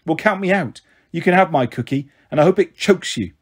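A man voicing an angry teenage older sister in a storybook reading, with a sharp, scornful delivery. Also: a little high, lively intonation, brisk, slightly rough.

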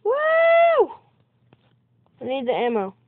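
Woman gamer, high voice, unhurried talk, excitable yelps, tinny and dry recording. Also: dry recording. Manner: excitable, exclaims and yelps at in-game surprises. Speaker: gamer recording gameplay commentary. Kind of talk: casual let's-play commentary.

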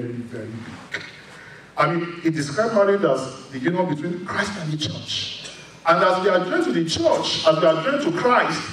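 A man's voice: high voice, fairly bright tone, a little hiss or hum. A middle-aged male pastor preaching a sermon, emphatic and candid, openly confessing his own faults. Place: church sanctuary. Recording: very echoey hall, voice from far off.

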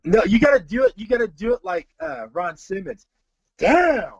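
A man guesting on a chat show, talking excitedly, tripping over and repeating words, and laughing. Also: high voice, brisk, slightly rough, dry recording, dull audio. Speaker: podcast host, guest. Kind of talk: casual chat.

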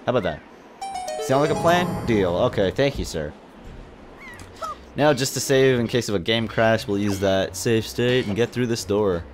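A man narrates his own gameplay with excitable, joking commentary, often breaking into yelps and exclamations. His voice sits on the low side, and faint game music plays underneath. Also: normal speed. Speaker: let's play host.

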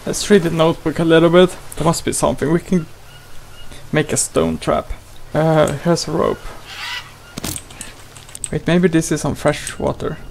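A man's voice: on the high side, level tone, normal speed, vocal fry, long pauses, a little mellow, a little hiss or hum, low-quality recording. A man hosting a gaming channel, giving playful, exclamatory let's play commentary and talking to his character.

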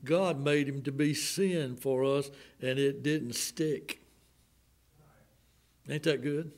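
A man with a Southern American accent preaching a sermon in a church, swinging from loud outbursts to hushed, slowed lines. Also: medium pitch, steady tone. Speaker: pastor. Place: church sanctuary.

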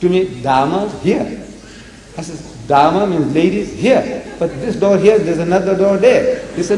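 A man's voice: sits high, unhurried, dark tone. A man from Africa, giving a public lecture to a live audience with rhetorical questions and acted-out dialogue. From South Africa. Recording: echoey hall with long reverb, faint noise.

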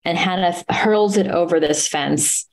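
A woman guest at a live talk, earnestly retelling a story with many pauses and restarts. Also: fairly low pitch, low-quality recording. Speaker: author and interview guest.

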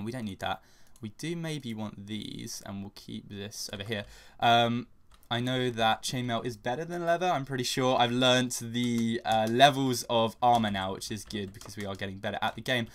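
A young man giving casual, chatty commentary over a video game he is playing, getting loud and swearing when under attack. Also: medium pitch. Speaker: gaming channel host.

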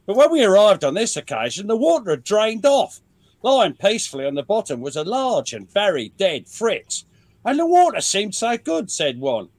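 A man's voice: sits high, huge pitch swings, moderate pace, voice pushed up, full character voice. Man putting on a mock Australian soldier voice. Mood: wry. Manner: hammy put-on accent, reading a diary quote. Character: male Australian WWI private, wry storyteller.

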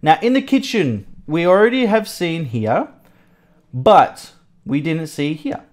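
A teacher leads a vocabulary lesson for young children, taking a house tour one item at a time. The delivery is unhurried and deliberate, with each word said over and over. The pitch moves a lot, and the teacher checks understanding and praises answers often. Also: very animated. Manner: repeats each word slowly, asks checking questions. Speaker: English teacher for young pupils.

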